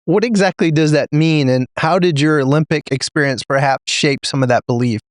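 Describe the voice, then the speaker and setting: A man's voice: fairly high pitch, a little fast, no echo. A man hosting a podcast interview, earnest and appreciative as he sets up his questions. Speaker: podcast host.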